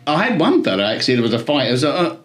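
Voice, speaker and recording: A middle-aged man with a London accent, co-hosting a casual football chat and telling animated stories full of swearing. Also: on the high side, rapid-fire. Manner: animated storyteller, swears freely. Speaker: podcast co-host.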